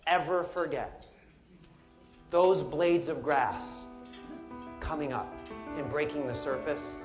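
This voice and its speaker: A man giving a storytelling speech, animated and humorous, with asides to the audience. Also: fairly high pitch. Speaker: motivational speaker. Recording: roomy hall with music behind.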